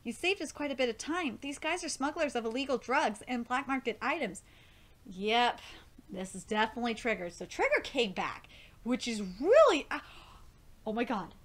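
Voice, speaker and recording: A woman hosting a live reaction video, reading comic dialogue aloud between excited, gushing comments and casual swearing. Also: a little high, moderate pace. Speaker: manga reaction host.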